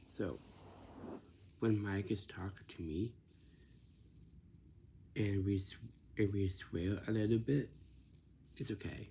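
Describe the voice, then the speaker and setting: Gravelly, dark-toned man, unhurried, rambling casual talk full of coaxing questions. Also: on the low side, slight background noise. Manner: repetitive, coaxing questions with many restarts.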